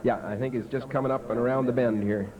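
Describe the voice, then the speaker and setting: A man's voice: mid-range voice, fairly even intonation, fast, rough recording. A man with a Canadian accent emceeing a festival on stage, telling jokes and announcing winners in a folksy, punning way. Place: outdoor small-town festival stage. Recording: home video with festival crowd.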